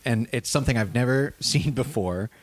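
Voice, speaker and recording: A man chatting as a guest in a casual film discussion, relaxed and hesitant, with many "like" fillers. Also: medium pitch, moderate pace. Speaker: podcast guest.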